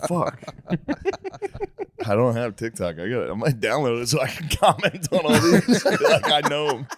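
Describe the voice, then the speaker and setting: A man's voice: medium pitch, lively intonation, moderate pace, husky. A man co-hosting a comedy podcast, teasing his co-host bluntly and swearing in casual chat.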